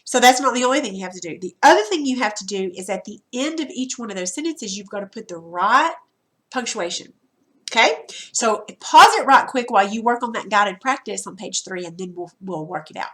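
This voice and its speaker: A woman teacher records a grammar lesson for her students at a computer. She talks to them directly in a loose, chatty way, repeating points and restarting sentences as she goes. Her voice sits at an ordinary middle pitch. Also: expressive, brisk, a bit bright. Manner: repeats and restarts while explaining.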